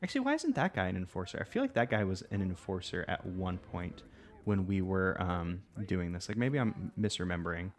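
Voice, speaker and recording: A man's voice: low-pitched, sing-song, brisk. A man hosting a let's play, giving casual gameplay commentary and thinking aloud in a rambling way full of fillers.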